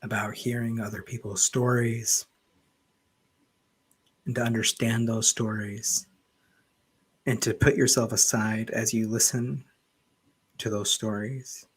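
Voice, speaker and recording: A man answering as an interview guest, thoughtful and pausing with "um" between ideas. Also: lowish voice, flat delivery, husky.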